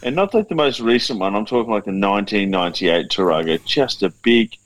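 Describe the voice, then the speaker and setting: A man's voice: lowish voice, lively intonation, fairly quick, slight background noise, low-quality recording. A man co-hosting a podcast, teasing his friends in casual banter and swearing freely. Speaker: podcast co-host.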